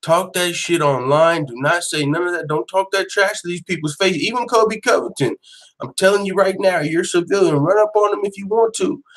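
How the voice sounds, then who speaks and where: A man's voice: high-pitched, brisk, fairly bright tone. A man hosting a casual fight-news live stream, talking slangy and profane as he reacts to viewer comments. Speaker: MMA news show host.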